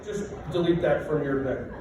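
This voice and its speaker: A middle-aged man presents a stretching workshop to a live group in a large room, joking playfully and poking fun at himself. His voice sits on the high side with a dark tone at normal speed, picked up by a distant mic in an echoey space with slight hiss or hum.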